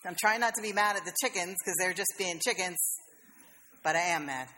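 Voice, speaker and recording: A woman's voice: fairly low pitch, brisk, bright, forceful tone, long reverb tail, a little hiss or hum. A woman pastor, preaching a sermon in a conversational, storytelling way with playful asides. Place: church sanctuary.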